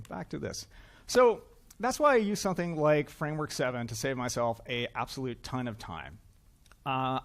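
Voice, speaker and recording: Chatty, joking man giving a tech talk. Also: medium pitch. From Canada. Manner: chatty, self-deprecating, lots of uhs. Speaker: conference speaker. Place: conference hall, live audience.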